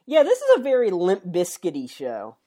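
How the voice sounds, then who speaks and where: Animated joking male podcast host. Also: high voice, normal speed. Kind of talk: casual podcast chat.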